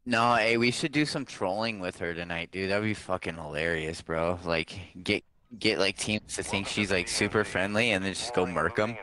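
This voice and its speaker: A young man gaming online with his buddies, talking into a headset. His voice is very low but bright and smooth. He keeps it relaxed, with plenty of dudes and bros. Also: moderate pace. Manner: laid-back, says dude and bro a lot. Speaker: streamer. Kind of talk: casual gaming chat.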